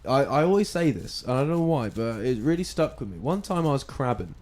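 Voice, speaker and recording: A man chatting casually on a podcast from his sofa, holding a mic. His pitch moves in a lively way as he rambles through stories, stopping and restarting often. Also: fairly quick. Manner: rambling storyteller, many restarts. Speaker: podcast co-host. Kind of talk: casual chat. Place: at home on a sofa. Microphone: handheld mic.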